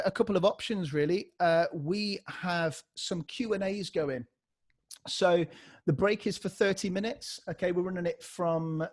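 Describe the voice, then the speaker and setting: A man leading a live online beatbox workshop on a video call, energetically demonstrating vocal scratch sounds. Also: sits high.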